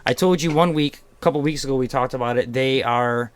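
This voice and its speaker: A man's voice: medium pitch, a little fast, clear, resonant tone. A man hosting a casual podcast, joking and rambling while reading out news headlines. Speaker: podcast host. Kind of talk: casual chat.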